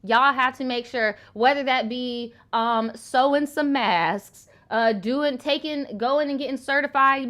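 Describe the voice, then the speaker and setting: A woman's voice: fairly high pitch, fairly bright tone. A young woman hosting a live advice stream, talking bluntly and animatedly with plenty of swearing. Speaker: live advice show host.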